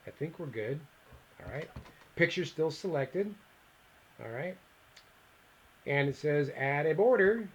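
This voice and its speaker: A man teaching a software lesson on a screen recording. He thinks aloud, reads out the steps and mutters asides to himself as he clicks through them. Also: fairly high pitch, expressive, takes it slowly, long pauses, lo-fi sound, a little hiss or hum. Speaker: instructor.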